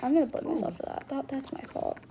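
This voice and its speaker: A woman's voice: high voice, lively intonation, quick pace, music in the background, rough recording. A woman giving dramatic, exclamatory gameplay commentary as she plays. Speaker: gamer.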